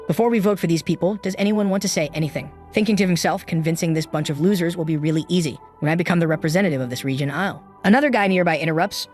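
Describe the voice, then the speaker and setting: A man narrating a comic story recap in a loose, casual spoken style, reading out every character's lines himself. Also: high-pitched.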